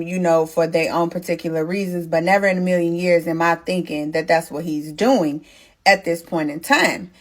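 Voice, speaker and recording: A young pregnant woman hosts a casual storytime, telling her story in an animated, blunt way and speaking directly to her viewers while swearing freely. Her voice is on the low side.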